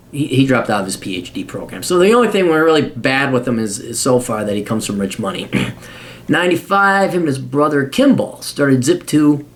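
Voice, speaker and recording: A man reads a biography aloud, rattling through the facts. He keeps interrupting himself with sarcastic, foul-mouthed commentary, and his voice sits at an ordinary middle pitch. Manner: sarcastic, profane running asides. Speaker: podcast host.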